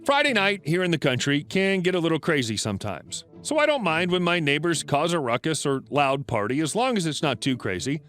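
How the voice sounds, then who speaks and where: A man's voice: fairly high pitch, sing-song, a little fast, hardly any pauses, fairly bright tone, faint music behind. A man narrating a story in a dry, matter-of-fact scripted reading.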